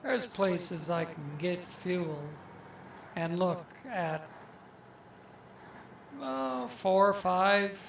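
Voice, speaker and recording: A man casually talking to himself as he plays a truck game, musing slowly and thinking aloud. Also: sits high, creaky, muffled recording, slight background noise. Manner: slow, musing, talks to himself. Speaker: gaming channel host. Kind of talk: casual gameplay commentary. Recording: roomy, distant mic.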